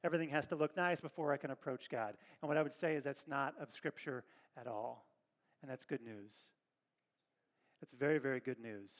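A pastor preaching a sermon in a conversational, animated way, with asides to the congregation in a church. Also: male voice, mid-range voice, fairly quick.

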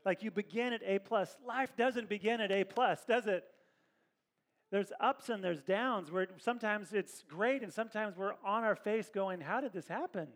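A pastor preaching a sermon in a conversational, animated way, with asides to the congregation in a church. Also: male voice, high-pitched, normal speed.

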